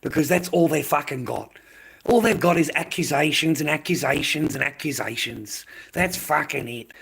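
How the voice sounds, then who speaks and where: A man's voice: on the high side, moderate pace, gravelly, a bit bright, breathy edge. An Australian man with an Australian accent, ranting aggressively and profanely at his live-stream chat.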